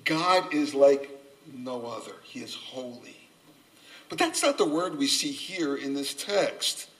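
An older man preaching a sermon, earnest and gently humorous, a self-described subdued speaker. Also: medium pitch, expressive, slow. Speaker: pastor. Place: church sanctuary. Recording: voice from a distance off the mic.

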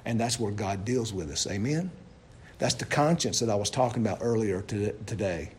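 A man preaching a sermon, asking his listeners loud questions and dropping to low, hushed lines. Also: normal speed, a little hiss or hum.

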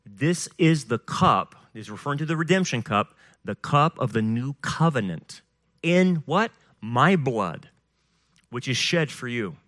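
Bright-voiced man preaching with energy. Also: mid-range voice, dry recording, clean studio sound. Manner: animated preaching, reads scripture aloud with rising emphasis. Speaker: pastor leading a Passover Seder service. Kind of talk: sermon with scripture reading.

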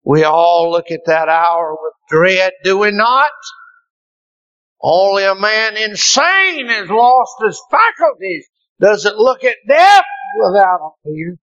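A male preacher delivering an impassioned sermon, dropping to hushed tones and rising to shouts. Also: lively intonation, slow, no room sound, muffled recording. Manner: impassioned, swinging from hushed lows to shouted peaks.

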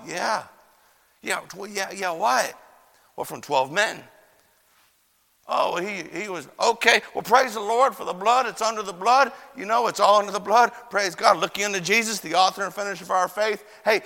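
A young male preacher with a bright, forceful voice, spinning folksy stories with lots of uhs. His voice carries a gravelly edge and rings with long reverb, the way a chapel sounds. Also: high-pitched, moderate pace. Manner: folksy storyteller with many fillers and quoted voices. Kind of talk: sermon with storytelling. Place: church chapel.

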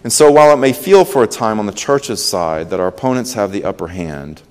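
A man's voice: fairly low pitch, animated, brisk, big-room sound. A man preaching a sermon as pastor, earnest and emphatic, his voice swelling and dropping for emphasis. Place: church sanctuary.

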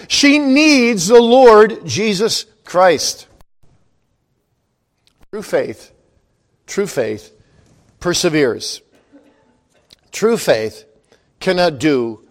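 A man preaching a sermon to children and adults, with a dramatic delivery that swings between loud and hushed. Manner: dramatic, wide swings in loudness and pitch.

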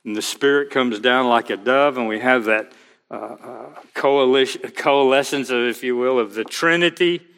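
A male pastor preaching a sermon, slow and emphatic, quoting scripture aloud. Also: mid-range voice, fairly bright tone, clear, resonant tone, big-room sound.

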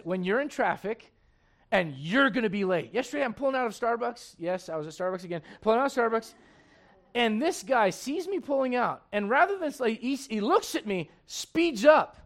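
A man's voice: high voice, big pitch swings, moderate pace. A man pastor preaching a casual, conversational sermon to his congregation and reading scripture aloud.

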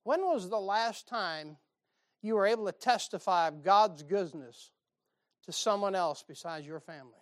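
Folksy preacher with a dry close sound. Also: male voice, sits high, expressive, normal speed, no echo. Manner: folksy storytelling with call-and-response asides. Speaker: pastor. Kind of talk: sermon. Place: church.

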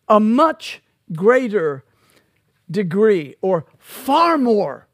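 High-pitched pastor guy preaching real slow, dry close sound. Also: no echo. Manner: slow, emphatic preaching with sudden loud peaks. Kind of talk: expository sermon.

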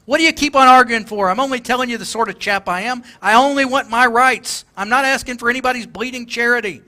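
A preacher putting on a rough-spoken, self-righteous poor man, high and bright-toned, blustering as he demands his rights. He bristles with indignation, loud and stubborn. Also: normal speed. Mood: indignant.

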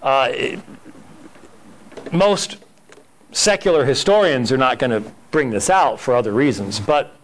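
A man's voice: mid-range voice, expressive, unhurried, long pauses. A man teaching a Sunday school church history class in an emphatic, conversational way, often repeating words.

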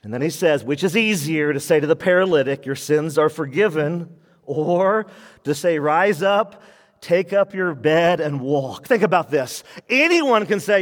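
Animated preacher with a high voice. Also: male voice, a little slow, big-room sound. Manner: animated, acts out quoted voices, laughs often. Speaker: pastor. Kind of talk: sermon.

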